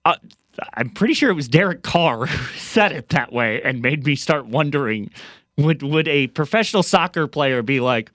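Rambling man with a slightly high voice. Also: animated, normal speed, fairly bright tone, no echo, clean studio sound. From Tennessee and Missouri, US. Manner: rambling, hesitant, self-interrupting. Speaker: radio show producer asking questions. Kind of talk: casual sports radio banter. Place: radio studio. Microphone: studio mic.

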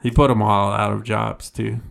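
Man, gravelly voice, laid-back, swears, laughs a lot. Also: on the low side, little pitch movement, normal speed, a bit bright. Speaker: podcast co-host. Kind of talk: casual chat.

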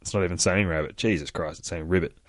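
A man retelling a comic book in a casual, profane, excitable way, laughing often. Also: low-pitched, fast talker, no room sound.

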